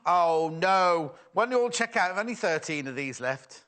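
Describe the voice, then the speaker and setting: A man's voice: sits high, animated, moderate pace, bright, forceful tone. A middle-aged man presenting live sales on TV, chatty and teasing as he banters with his crew. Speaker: shopping channel presenter.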